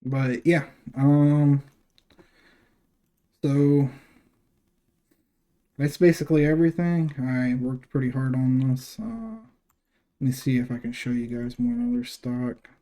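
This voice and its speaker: During a casual screen-share walkthrough on his own channel, a man speaks slowly with long pauses in a warm, mid-range voice. His talk is loose and meandering, full of fillers and false starts.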